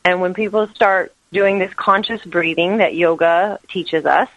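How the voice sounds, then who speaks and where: A woman's voice: lowish voice, fairly even intonation, a little slow, fairly bright tone, no room sound, dull audio. A woman yoga teacher, a guest in an interview, talking about spirituality in an earnest, flowing way. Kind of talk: interview answers.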